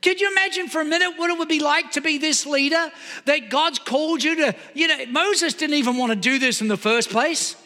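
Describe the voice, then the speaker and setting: A man preaching with a very high, piercing bright voice. He presses his points hard and keeps asking the crowd rhetorical questions. His words ring out with a long hall reverb. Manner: emphatic, asks the audience rhetorical questions. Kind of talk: sermon.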